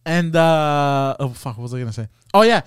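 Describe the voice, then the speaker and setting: A man chatting casually on a podcast, halting often and filling pauses with "uh". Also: a little high, lively intonation, clean tone, no echo, studio quality. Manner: halting, lots of uhs and restarts. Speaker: podcast co-host. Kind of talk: casual chat.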